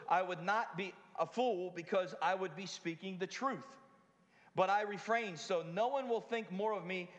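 A man preaching a sermon, moving from scripture into chatty asides to the congregation. His voice sits fairly high for a man. The sound carries a long reverb, as in a church sanctuary.

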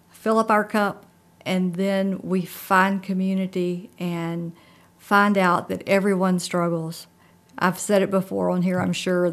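A woman pastor co-hosting a faith talk show, speaking in a gentle, encouraging and reflective way. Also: on the low side. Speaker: pastor and co-host. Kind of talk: faith conversation.

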